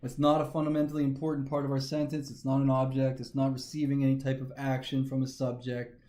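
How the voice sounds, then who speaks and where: A man's voice: mid-range voice, monotone, quick pace, mellow. A man teaching a grammar lesson, methodically talking through each step aloud. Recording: echoey room.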